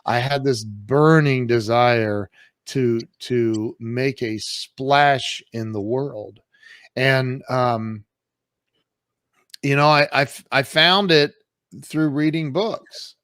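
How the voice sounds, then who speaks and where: This podcast guest, a man in his fifties, has a medium-pitched, fairly bright voice that's clear and resonant, and he takes his time. The studio-quality recording has no room sound. He recounts his life candidly and with emphasis, performing old exchanges as he goes in relaxed interview storytelling.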